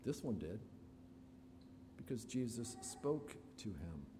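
A man preaching an expository sermon to his congregation, slow and deliberate with dramatic pauses. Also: on the low side, sing-song. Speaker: pastor. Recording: reverberant hall, faint room noise.

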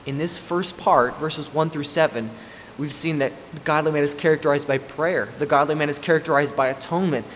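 A man's voice: a little high, brisk, few pauses, fairly bright tone. A man preaching a sermon, stressing and repeating his main points. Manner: emphatic, repeats key points. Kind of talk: expository sermon. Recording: long hall reverb, faint room noise.

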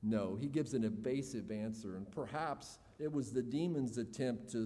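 A man's voice: medium pitch, normal speed, hardly any pauses, warm tone, long reverb tail. A man preaching a sermon in an earnest, expository way, building emphasis as he makes his points.

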